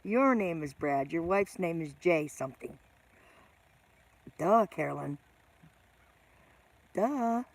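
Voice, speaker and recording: A woman's voice: on the low side, expressive, takes it slowly, pauses often. A middle-aged woman hosting a casual live stream, greeting viewers by name and teasing herself.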